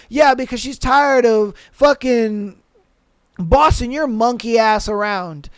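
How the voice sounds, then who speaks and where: A man's voice: very high voice, a little slow, clear, resonant tone, dry recording, studio quality. A man hosting a podcast who gives blunt, profane advice in a rant full of slang and repeated lines. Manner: slangy, says bro a lot. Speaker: podcast host. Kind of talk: ranting advice commentary.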